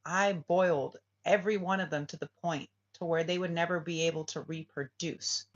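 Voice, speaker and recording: A storyteller acting a shouting emperor. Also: medium pitch, steady tone, lo-fi sound, natural voice. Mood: solemn. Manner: loud, drawn-out, rising shouts. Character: proud old emperor scolding the children.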